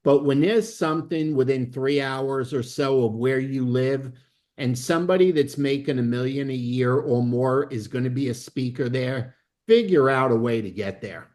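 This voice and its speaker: A man's voice: mid-range voice, normal speed. Guy doing a hyped-up sales training, keeps saying okay, super emphatic. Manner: emphatic, peppers lines with "okay?"; excitable, bursts of laughter. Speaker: network marketing trainer. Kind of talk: motivational training talk.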